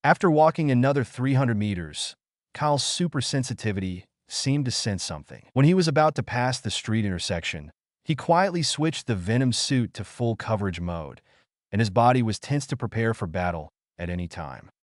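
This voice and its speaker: A man giving steady scripted narration as the reader of an audiobook. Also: mid-range voice, moderate pace, no echo, studio quality.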